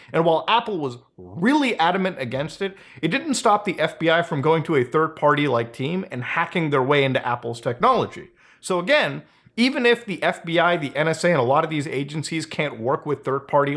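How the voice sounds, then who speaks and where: A man hosts a casual commentary video, sounding a bit bright. He's blunt and sarcastic, swears freely and jumps up in pitch for emphasis.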